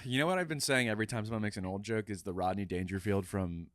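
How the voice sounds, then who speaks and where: A man's voice: lowish voice, fast talker, no room sound, clean studio sound. A male stand-up comedian guest on a podcast, telling jokes animatedly and acting out the characters.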